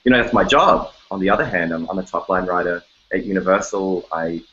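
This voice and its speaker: With a low voice and a slightly fast delivery, an Australian songwriter gives a casual interview from his home bedroom. He's chatty, lively and joking, occasionally singing fragments, and the audio sounds dull.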